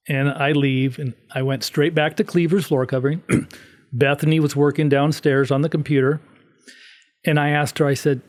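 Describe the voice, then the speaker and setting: Middle aged guy on a podcast telling a story, acts out quotes, kinda high voice. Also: a little mellow. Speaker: podcast guest. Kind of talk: casual storytelling.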